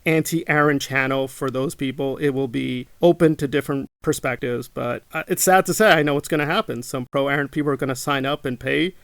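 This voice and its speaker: A man's voice: medium pitch, fairly even intonation, brisk, vocal fry, hardly any pauses, dry recording. A man hosting his own channel, talking indignantly to camera, repeating his points and mocking his critics. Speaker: channel host. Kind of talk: monologue to camera.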